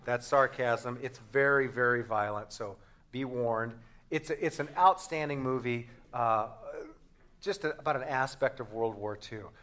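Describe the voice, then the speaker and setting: A man's voice: medium pitch, unhurried, a bit bright. A man, a pastor, preaching a sermon to a congregation in a conversational, joking way with frequent restarts. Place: church before a congregation.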